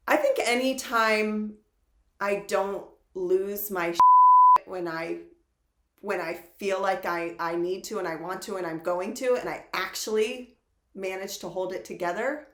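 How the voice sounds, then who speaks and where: A woman's voice: medium pitch, unhurried, a bit bright. Frank, jokey woman host in a roomy space. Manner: frank, jokey storyteller who laughs often. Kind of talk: casual interview chat. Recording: roomy echo.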